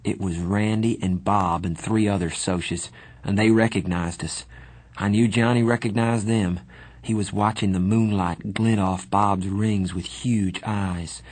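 Man, audiobook narrator, first-person story, low voice, husky, measured reading. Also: steady tone.

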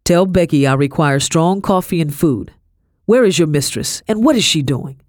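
A woman voicing a gruff, angry colonial master who barks orders at a servant. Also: low voice, expressive, moderate pace, a little mellow, dry recording, clean studio sound. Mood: demanding. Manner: curt, demanding.

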